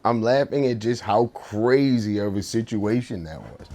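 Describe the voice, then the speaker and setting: Here a young man who streams and makes art talks casually as he draws in his home room. He speaks at a normal speed in a lowish, darkish, expressive voice, wandering through a story full of fillers and swearing.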